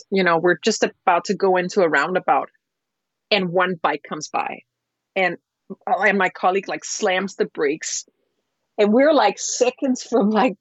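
A woman chef, a guest on an interview show, telling stories in a lively, rambling way with lots of fillers. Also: medium pitch, husky, no room sound. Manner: animated, rambling storyteller with many fillers. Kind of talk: casual interview storytelling. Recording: slightly dull lo-fi sound.

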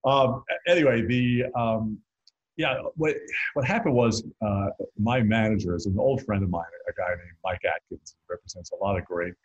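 A man's voice: lowish voice, moderate pace, slightly rough, highs cut off. A middle-aged man from North Carolina, a guest in an interview, telling stories in a rambling, joking way with frequent restarts. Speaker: guest musician and author. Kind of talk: casual interview storytelling.

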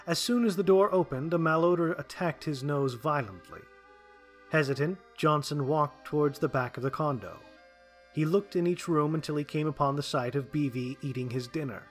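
A man narrating a dark short story in a steady, wry way. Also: on the high side, moderate pace, husky, soft background music.

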